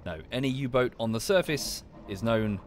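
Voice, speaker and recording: A man's voice: medium pitch, expressive, moderate pace, a little hiss or hum. A man from the UK chatting casually while streaming a game, with dry muttered asides. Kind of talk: casual gameplay commentary.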